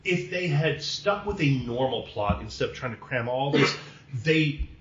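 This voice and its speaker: A man's voice: mid-range voice, expressive, measured pace, a bit bright, slight background noise. Opinionated man in an echoey room. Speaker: podcast co-host. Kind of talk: casual movie discussion. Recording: echoey room, dull lo-fi sound.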